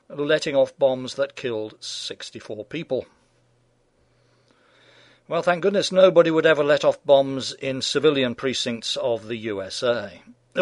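A man's voice: medium pitch, no room sound. A middle-aged man hosting a scripted radio news commentary, delivering it with dry, sardonic irony.

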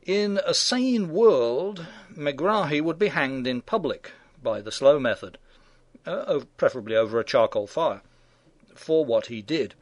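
A man's voice: medium pitch, expressive, normal speed, dry recording. A middle-aged man hosting a scripted radio news commentary, delivering it with dry, sardonic irony.

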